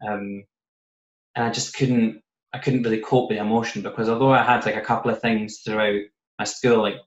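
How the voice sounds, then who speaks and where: A British man quietly telling a personal story in a casual podcast chat, often voicing what he said and thought back then. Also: lowish voice, little pitch movement, a little fast. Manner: soft-spoken, recounting with quoted asides. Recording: roomy, slightly muffled podcast audio.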